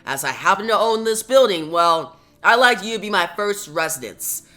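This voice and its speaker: A reviewer reading out a generous, assured wealthy older man in a comic, quiet and measured. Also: mid-range voice, lively intonation. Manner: read out plainly, quiet and measured.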